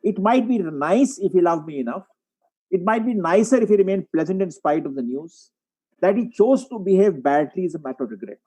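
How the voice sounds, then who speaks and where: Throat-clearing man lecturing. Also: high voice, lively intonation, fairly quick, warm tone, poor audio. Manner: explains with case examples, frequent throat clearing. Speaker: psychiatrist lecturing. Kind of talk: webinar lecture. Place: online webinar.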